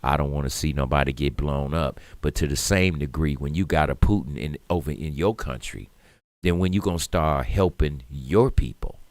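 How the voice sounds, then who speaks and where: Detroit radio co-host, low voice, dry close mic, animated slangy rant. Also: male voice, normal speed, no echo. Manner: animated, rising to loud emphatic rants; streetwise slang, laughs through hard talk. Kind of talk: casual talk radio monologue.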